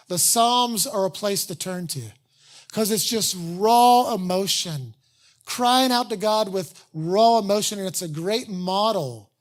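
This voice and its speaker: Pastor, sermon delivery, conversational and honest, mid-range voice, earnest slowed emphasis. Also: mid-range voice. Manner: conversational, candid, self-deprecating asides.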